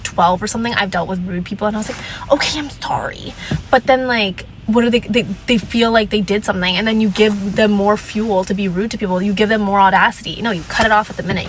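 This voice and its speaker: A woman's voice: medium pitch, a bit bright, a little hiss or hum, rough recording. Sassy young woman giving blunt advice. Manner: sassy, emphatic, fond of repeating lines; drops into mocking voices to quote people. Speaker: vlogger. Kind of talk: casual advice rant.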